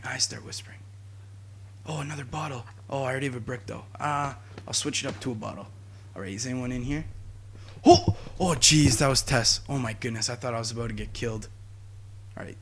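A young man giving jokey, excitable commentary while playing a video game, talking to his viewers and yelling at enemies. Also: mid-range voice, slightly rough. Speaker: gaming YouTuber. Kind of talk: let's play commentary.

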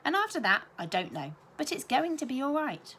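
A woman's voice: high-pitched, very animated, a little fast, bright, forceful tone, slight background noise, voice pushed up, exaggerated voice. A woman reading a polite young schoolgirl. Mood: eager.

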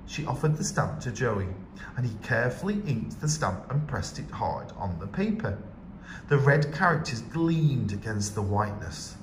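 A male teacher reading a picture book aloud with slow, expressive storytelling. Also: mid-range voice, a little hiss or hum. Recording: echoey room with faint ambience.

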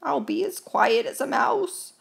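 A woman voicing a small, meek male mouse in a storybook read-aloud, speaking softly and timidly. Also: high-pitched, very animated, unhurried, gravelly, voice pushed up, exaggerated voice. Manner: soft, timid and hushed.

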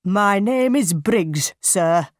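A woman voices a firm male lawyer, slow and emphatic, with a mid-pitched voice. The recording is dry and close. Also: lively intonation, no room sound.

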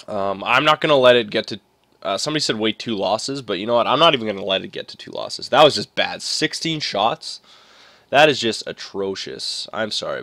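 A young man with a lowish voice talks through a hockey video game, reading off stats and line-ups in a relaxed, chatty way. The recording is dry and close, with no room sound. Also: no room sound. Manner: chatty, reacts with frustration to the game. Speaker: gaming commentator. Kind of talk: casual gameplay commentary.

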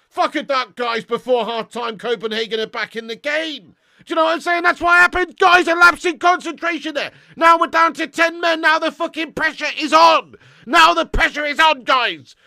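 A man's voice: extremely high pitch, vocal fry, no room sound, studio quality. A young man, ranting and swearing as he reacts live to a football match. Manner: ranting, sweary, shouting in frustration. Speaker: football fan streamer.

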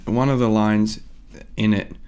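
A man's voice: lowish voice, little pitch movement, measured pace, darkish tone, clear, resonant tone. A young man chatting casually and rambling about a song before playing his cover, with lots of "like" and "um". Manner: rambling, easygoing, full of "like" and "um". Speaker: musician doing a cover.

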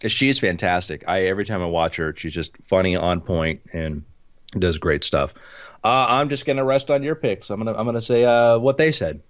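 A man's voice: deep voice, animated, normal speed, muffled recording. A man who designs illusions and writes books, chatting casually and rambling about his work. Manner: rambling, self-promoting. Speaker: illusion designer and book author. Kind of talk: casual chat.

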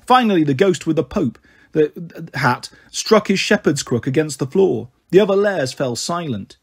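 A man narrating a storybook in a steady, even manner. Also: fairly high pitch, normal speed, gravelly, husky. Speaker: audiobook reader.

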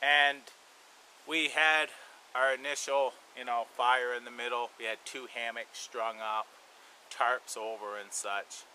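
Bright-voiced man telling a story. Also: medium pitch, measured pace, slight background noise, rough recording. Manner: relaxed, rambling, frequent "you know" fillers. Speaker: bushcraft and survival channel host. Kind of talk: casual spoken storytelling.

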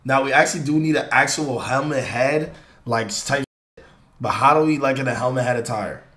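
A young man streaming a live reaction, talking in slang and swinging from low mutters to loud excited shouts. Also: normal speed. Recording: roomy echo with faint noise.

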